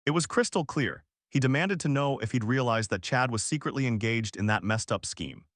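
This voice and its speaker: A man's voice: medium pitch, expressive, a little fast, fairly bright tone, no echo, clean studio sound. A man narrating a story recap in a casual, punchy, slangy way, sometimes restarting a word.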